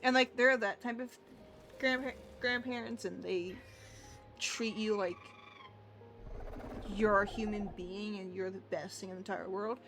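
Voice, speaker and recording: A woman's voice: mid-range voice, fairly even intonation, measured pace, long pauses, music in the background. A young woman livestreamer talking candidly in casual chat, rambling with frequent restarts.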